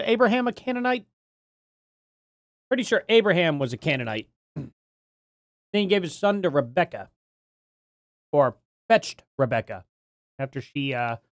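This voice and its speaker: A man's voice: high-pitched, no room sound, studio quality. A man hosting a casual live stream, rambling and thinking aloud as he reads names from chat.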